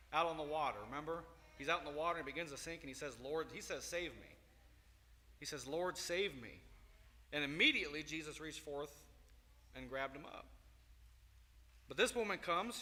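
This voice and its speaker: A man leads a Bible lesson in a church hall, telling the story with lively acted-out quotes. His voice is bright and forceful and sits fairly high. The sound carries a long hall reverb. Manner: animated storytelling, acting out quotes. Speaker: Sunday school teacher.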